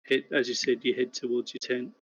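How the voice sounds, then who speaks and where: A man narrating as game master of a tabletop game, describing scenes in a measured way. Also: mid-range voice, flat delivery, highs cut off, a little hiss or hum.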